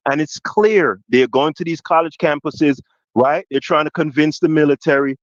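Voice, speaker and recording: A man with a Jamaican accent, talking politics on a podcast with a slightly high voice. He asks long rambling questions, restarts his sentences and keeps checking in with "right?". The dry, dull, lo-fi sound carries him as he builds up heat. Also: no room sound. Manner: grows louder and more forceful when passionate. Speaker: podcast co-host. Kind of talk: heated political discussion.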